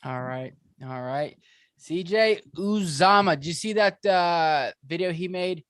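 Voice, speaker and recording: A man co-hosting a fantasy football show, talking excitably in a rambling way, with lots of restarts and fillers. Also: fairly high pitch, a little slow, smooth, dry recording, studio quality. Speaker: fantasy football podcast co-host. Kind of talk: casual sports analysis chat.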